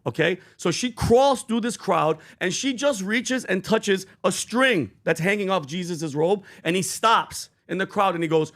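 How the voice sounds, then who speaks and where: A man co-hosting a podcast, talking casually and slipping into animated, preachy storytelling. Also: sits high, moderate pace, hardly any pauses. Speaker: podcast co-host.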